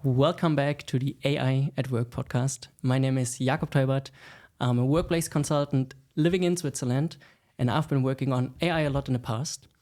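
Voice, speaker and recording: A man's voice: mid-range voice, fairly even intonation, moderate pace, a little mellow. A man hosting a podcast interview, friendly and upbeat, with frequent "uh" fillers. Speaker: podcast host.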